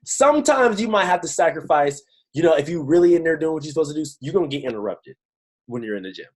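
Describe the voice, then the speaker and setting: A man giving a lively pep talk to his team on a video call, full of slang and rhetorical questions. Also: fairly high pitch, quick pace, low-quality recording. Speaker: motivational team trainer.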